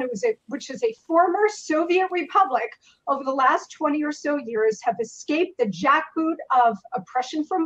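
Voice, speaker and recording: High-voiced woman guest on a dull line. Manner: forceful, fluent argument. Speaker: guest commentator. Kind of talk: remote interview.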